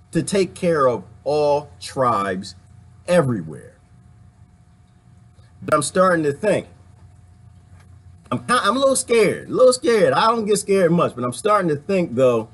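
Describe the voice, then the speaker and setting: Husky man ranting to viewers. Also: on the high side, normal speed, long pauses. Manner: animated, preachy, talks straight to the audience. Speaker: vlogger.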